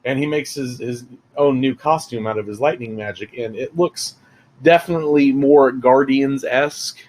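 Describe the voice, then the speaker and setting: A man's voice: medium pitch, moderate pace, darkish tone, poor audio. A man giving a casual, rambling spoiler review of a film, full of fillers and asides. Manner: rambling, chatty, many fillers.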